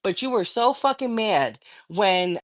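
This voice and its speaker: A woman's voice: mid-range voice, very animated, measured pace. A livestreaming woman in a heated, profane, confrontational rant aimed at a rival.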